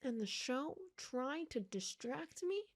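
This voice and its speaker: A young woman hosting a reaction video rants heatedly and profanely, addressing the character directly while worked up and sweating. Her voice sits high and is animated, with a slow pace, picked up by a desk microphone.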